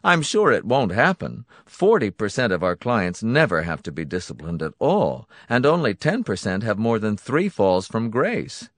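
A man's voice: on the low side, big pitch swings, normal speed, few pauses, fairly bright tone, no room sound, studio quality, pitched above the performer's own voice. A man voicing a smiling, menacing male clinic boss who speaks with false kindness. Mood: genial menace. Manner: falsely kind, sinister, genial.

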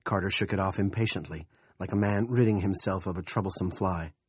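A man narrating an audiobook in a gritty, husky voice, slipping into gruff character dialogue. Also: low-pitched, brisk.

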